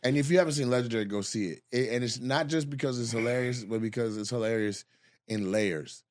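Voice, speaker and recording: A man hosting a casual podcast chat, telling stories in a loose, profane, animated way. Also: mid-range voice, fairly quick, no echo, clean studio sound. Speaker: podcast host.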